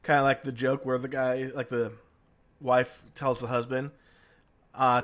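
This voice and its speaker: A man's voice: medium pitch, little pitch movement, a little slow, long pauses, a bit bright. A man in casual podcast chat who tells crude jokes in a playful way.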